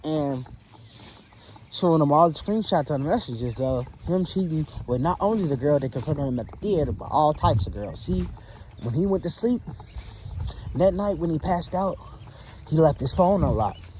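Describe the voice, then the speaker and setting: A man casually narrating a spooky storytime tale in a relaxed, conversational way, with drawn-out fillers between beats. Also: on the high side, a little hiss or hum, low-quality recording.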